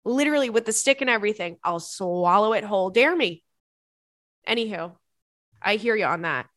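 A woman's voice: mid-range voice, expressive, moderate pace, a bit bright, no room sound, studio quality. A woman hosting a podcast, reading a listener's story aloud and reacting with laughter and dramatic asides. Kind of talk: casual chat.

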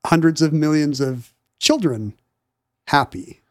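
A man co-hosting a podcast, riffing quickly and wryly in casual chat. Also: a little high, no room sound, clean studio sound. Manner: quick, wry, talkative riffing. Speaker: podcast co-host.

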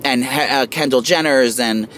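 A man co-hosting a casual celebrity gossip chat, animated, catty and quick with opinions. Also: medium pitch, a little hiss or hum. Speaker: co-host.

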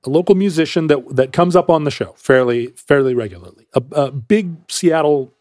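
A man's voice: fairly high pitch, fairly quick, no room sound, clean studio sound. A man hosting a casual talk show, telling a long story and acting out the voices of the people in it. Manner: animated storyteller who acts out quoted voices. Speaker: podcast host.

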